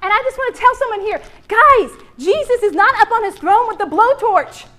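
A woman's voice: very high voice, a little fast. A woman preaching to a women's church gathering, joking and acting out little voices as she goes. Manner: animated, jokey, acts out voices. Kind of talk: sermon.

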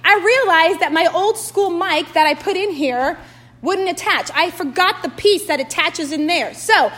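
A woman's voice: extremely high pitch, unhurried. A woman preaching and praying fervently to a women's gathering, recorded on a phone held in her hand in a church room. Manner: fervent, drops to hushed prayer, laughs easily. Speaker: women's ministry speaker. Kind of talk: sermon and prayer. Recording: echoey room, phone mic.

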